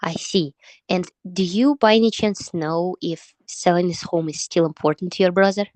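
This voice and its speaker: A woman real estate agent practicing a cold call, asking slow, careful, scripted questions. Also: lowish voice, a little mellow, no echo. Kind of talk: sales call role-play.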